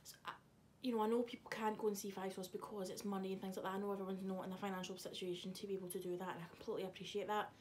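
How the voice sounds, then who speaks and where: A woman's voice: mid-range voice, little pitch movement, racing, a little mellow, a little hiss or hum. A young woman, chatting casually to camera in a vlog, swearing freely and teasing someone off camera. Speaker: vlogger. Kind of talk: casual chat.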